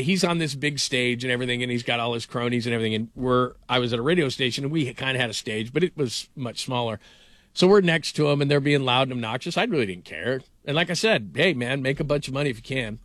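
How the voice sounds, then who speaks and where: A man's voice: mid-range voice, no room sound. A middle-aged man hosting a sports radio show, telling rambling stories in casual talk with lots of fillers. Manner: rambling storyteller, animated, frequent fillers.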